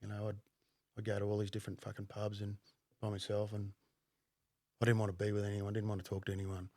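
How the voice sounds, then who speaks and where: A middle-aged man, a podcast guest telling his story bluntly, with plenty of swearing and halting fillers. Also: lowish voice, monotone, mellow, no room sound. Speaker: podcast guest, former undercover cop. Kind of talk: casual conversational storytelling.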